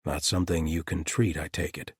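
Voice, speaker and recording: A man voicing a calm, thoughtful male paladin who speaks quietly and with curiosity. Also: a bass voice, fairly quick, breathy edge, dry recording, studio quality, full character voice. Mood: curious.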